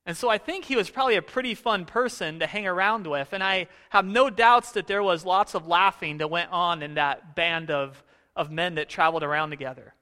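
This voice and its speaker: A man preaching a sermon, reading scripture and then musing aloud in a relaxed, questioning way, sometimes acting out voices. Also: sits high, brisk, smooth, long reverb tail. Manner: conversational, questioning, acts out voices. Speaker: pastor.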